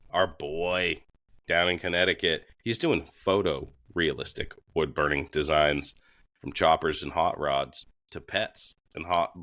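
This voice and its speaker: A man co-hosting a podcast, reading sponsor shout-outs in a crude, joking way with plenty of swearing. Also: deep voice. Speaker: podcast co-host.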